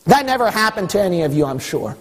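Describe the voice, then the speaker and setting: A man's voice: sits high, very animated, fast talker, long reverb tail. A male pastor preaching a sermon, building emphasis and teasing his congregation along the way.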